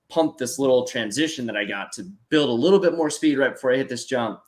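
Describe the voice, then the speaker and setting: A man in his twenties from the United States, an interview guest telling a story in casual chat, animated and full of fillers. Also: mid-range voice. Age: 20s. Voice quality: animated, acts out voices in his story, many fillers like "dude" and "like". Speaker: interview guest, para snowboarder.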